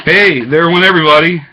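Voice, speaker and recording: A man's voice: a little high, pushed and bright, a little hiss or hum. A man giving an agitated, rambling monologue to his webcam, jumping from topic to topic. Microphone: webcam microphone. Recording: dull lo-fi webcam audio.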